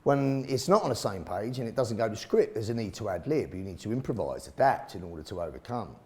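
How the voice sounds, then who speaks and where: A man's voice: on the low side, very animated, brisk, mellow. A man explaining a self-defence drill, blunt and casual, with the odd swear word. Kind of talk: instructional commentary.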